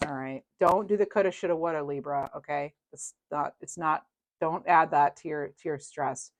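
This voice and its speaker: A woman giving a casual tarot reading to camera. She is chatty, gentle and sympathetic, thinks aloud and often laughs. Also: deep voice, moderate pace. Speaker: tarot reader.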